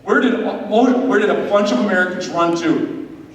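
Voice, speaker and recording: High-voiced man preaching in echoey hall. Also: moderate pace. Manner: energetic, joking, directing volunteers. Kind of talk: preaching and leading a skit. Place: large hall with an audience. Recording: echoey hall from far off, noisy.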